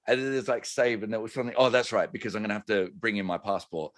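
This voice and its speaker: Low-voiced relaxed man, casual podcast chat. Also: fast talker, hardly any pauses, no room sound, studio quality. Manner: easygoing, many fillers and agreeing "yeah"s. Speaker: podcast co-host.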